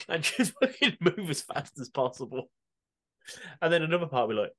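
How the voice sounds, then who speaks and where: Man, podcast co-host, casual crude banter, laughing, lively swooping pitch. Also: quick pace. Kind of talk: casual banter reading listener answers.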